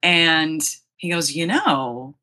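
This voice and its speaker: Middle-aged woman guest, low and bright, animated casual storytelling. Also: takes it slowly. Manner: chatty, animated, quotes people in raised voices. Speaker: podcast guest.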